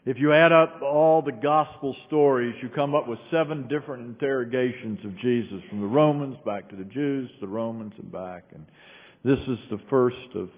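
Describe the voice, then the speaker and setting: A male pastor preaching a sermon, telling a story and shifting between raised bursts and quiet low passages. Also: moderate pace. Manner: storytelling with sudden raised quoted shouts and quiet drops. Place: large church sanctuary. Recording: echoey hall on a tinny phone-like line.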